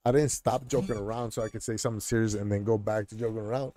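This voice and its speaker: A man's voice: on the low side, steady tone, brisk, warm tone, dry recording. A middle-aged man hosting a casual chat stream, rambling with lots of fillers and restarts. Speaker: streamer host.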